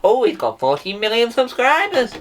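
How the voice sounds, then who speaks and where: A man voicing an excited male hunter in a studio, blurting out what he finds about a fugitive online. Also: extremely high pitch, normal speed, pitched above the performer's own voice, full character voice. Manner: breathless, blurting discoveries.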